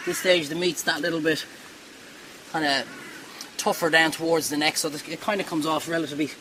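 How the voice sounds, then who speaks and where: A man's voice: on the high side, steady tone, brisk, background noise. A man hosting a cooking show, talking viewers through a hands-on demonstration in a chatty, reassuring way that wanders off topic.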